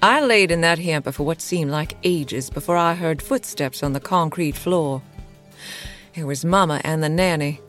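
A woman narrating a horror story in a measured, dramatic storytelling voice. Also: deep voice, fairly bright tone, soft background music. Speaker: guest narrator.

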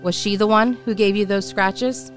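A woman's voice: medium pitch, fairly even intonation, moderate pace, soft background music, lightly acted. A woman voicing a determined young survivor in an audio drama, cool and pointed as she questions a stranger. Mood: cool, defiant. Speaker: narrator and lead of an audio drama. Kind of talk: first-person audio drama narration and acting.

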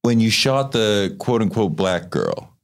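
Expressive man hosting an interview. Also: lowish voice, measured pace, creaky. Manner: expressive, playful, mimics voices. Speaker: podcast host. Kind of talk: conversational interview.

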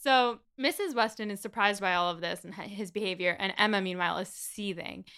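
Bright-voiced woman chatting about a book. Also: mid-range voice, brisk, clear, resonant tone. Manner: chatty, animated retelling with quoted voices. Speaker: podcast co-host. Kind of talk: casual book discussion chat.

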